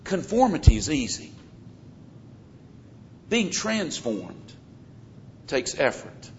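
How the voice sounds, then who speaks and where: Slow-talking Southern preacher man. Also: high-pitched, a little hiss or hum. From American South. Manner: earnest, emphatic scripture teaching. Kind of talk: sermon. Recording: dull, lo-fi sermon recording.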